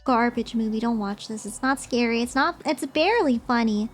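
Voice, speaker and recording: A woman's voice: on the high side, normal speed, soft background music. A young woman streamer chatting casually and rambling as she ranks movies, often giggling.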